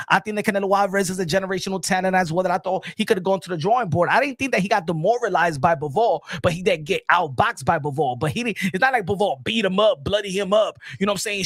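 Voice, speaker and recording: High-voiced, fired-up boxing stream host. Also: male voice, no echo, clean studio sound. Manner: rambling, animated, frequent "you know what I'm saying". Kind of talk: casual live-stream commentary.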